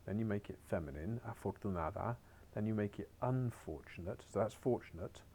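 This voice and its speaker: A man's voice: fairly low pitch, a little fast, dark tone, a little hiss or hum. A man teaching a beginners' Spanish lesson on a recorded screen share, chatty and encouraging with wry asides.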